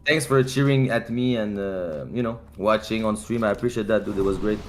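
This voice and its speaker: Excitable man on a call. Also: fairly low pitch, fairly quick, slight background noise. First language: French. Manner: excitable, teasing, swears often. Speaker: guest streamer on a call. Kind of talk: casual stream chat.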